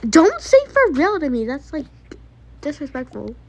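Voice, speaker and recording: A woman's voice: high-pitched, moderate pace, slight background noise, rough recording. A female speaker voicing a strict mother who scolds her children in a toy-game role-play, with a stern, scolding manner.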